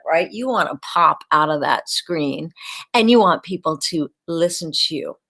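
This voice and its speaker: A woman hosting a live-stream coaching session, talking in an energetic, chatty way and repeating her key words. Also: mid-range voice. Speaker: video coach hosting a livestream.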